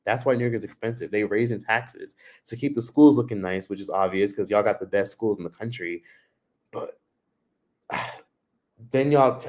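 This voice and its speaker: A man's voice: lowish voice, a little mellow. A man hosting a livestream, ranting casually and profanely straight to his viewers. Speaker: livestream host.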